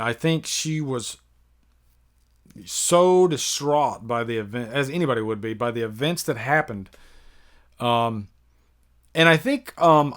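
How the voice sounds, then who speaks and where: A man's voice: mid-range voice, fairly bright tone. Chatty American man hosting a stream. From United States. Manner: rambling and chatty, many fillers, reads out viewer questions. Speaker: YouTube horror movie reviewer, live stream host. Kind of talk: casual live-stream Q&A chat.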